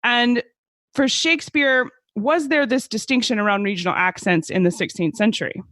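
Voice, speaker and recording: A woman's voice: on the high side, moderate pace, a bit bright, dry recording. A woman from Alabama with a Southern US accent, hosting a podcast interview in a chatty conversational way. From Birmingham, Alabama, southern United States. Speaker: podcast host. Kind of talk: conversational interview, reading quotes from a paper.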